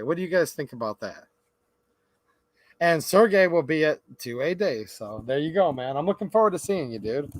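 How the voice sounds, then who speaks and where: A chatty, upbeat man hosts a livestream, greeting viewers by name with a fairly high voice. He talks close to the mic in a dry, dead room. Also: fairly bright tone, no echo. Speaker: livestream host.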